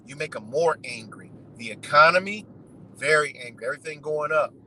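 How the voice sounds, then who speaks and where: A man's voice: a little high, fairly quick, bright, forceful tone, slight background noise, low-quality recording. A man giving a profane, rambling unscripted monologue, full of "you know" and "man".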